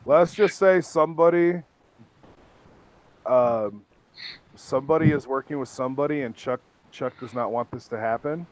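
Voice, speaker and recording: A man's voice: medium pitch, moderate pace, long pauses. A man hosting a casual podcast, talking in a rambling, profane way with lots of restarts. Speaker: podcast host.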